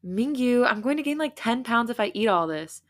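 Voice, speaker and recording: A woman's voice: a little high, animated, normal speed, pitched above the performer's own voice, natural voice. A woman voicing a guarded, heartbroken young woman in a read-aloud romance story, curt and defensive. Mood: annoyed.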